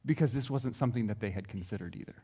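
A man preaching a sermon, telling the story with expressive delivery. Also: on the low side, rapid-fire, breathy edge.

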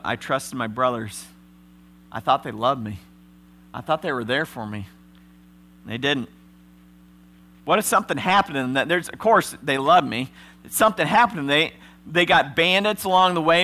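A man's voice: medium pitch, sharp tone, a little hiss or hum. A man playing a despairing male prisoner abandoned by his brothers, in an anxious, self-pitying sermon monologue. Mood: wry, gloomy.

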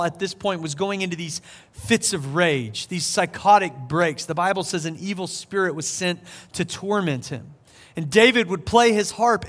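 A man in his thirties preaching a sermon, retelling a story in a casual, animated way with playful voiced asides. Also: high-pitched. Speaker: pastor.

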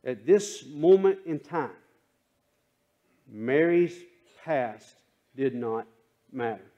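A male pastor preaching a sermon in a church, using call and response and swinging between hushed and impassioned delivery. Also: mid-range voice, lively intonation, extremely slow, highs cut off. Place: church sanctuary.

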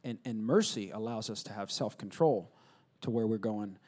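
A male pastor preaching a sermon, swinging from loud, emphatic bursts to low, quiet asides and acting out conversations with himself. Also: normal speed. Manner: acts out conversations, asking and answering himself.

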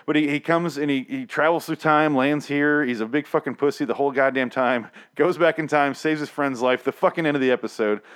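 A man's voice: a little high, brisk, few pauses, a bit bright, clear, resonant tone. A man hosting a casual chat, ranting profanely and animatedly about a TV episode. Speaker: podcast host.

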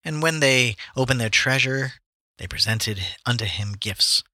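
A man's voice: medium pitch, unhurried, sharp tone, no echo. A man reading old scripture aloud to friends in a casual way, stopping now and then to joke. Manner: reads archaic verses plainly, breaking off to joke. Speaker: reader among friends.

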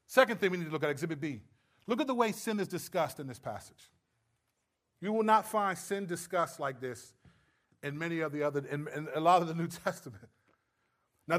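A preacher with a strikingly high male voice teaches through a passage verse by verse. He's lively and playful, acting out quoted voices with humor in small dramatized exchanges to make his point.

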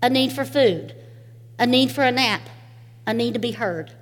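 A woman's voice: fairly high pitch, moderate pace, in a large hall. A woman from Eastern Kentucky with a local accent, giving a sermon in a folksy storytelling way and laughing often. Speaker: speaker.

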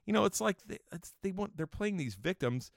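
A man's voice: high voice, animated, fairly quick, gravelly, no echo, clean studio sound. A man hosting a podcast, ranting angrily with constant swearing and mocking whiny imitations of people he dislikes. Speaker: podcast host. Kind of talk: profane casual podcast rant.

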